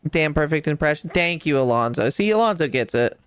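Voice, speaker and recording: A man's voice: a little high, animated, a little fast, hardly any pauses, fairly bright tone, clear, resonant tone, dry recording. Teasing man streaming a game. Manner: playful, teasing, boastful. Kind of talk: casual gaming chat.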